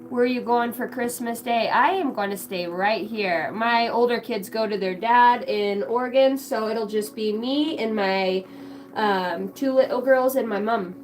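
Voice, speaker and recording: A middle-aged woman hosts a tarot livestream in a fairly high, slightly slow voice, and the recording quality is low. She chats casually, swears a lot, and hops between chat comments, reading them aloud.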